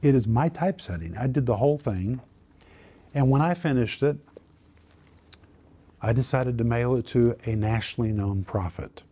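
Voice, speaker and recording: A man, a Christian minister and author, telling a personal testimony as an earnest, animated storyteller. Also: medium pitch, moderate pace, pauses often, husky.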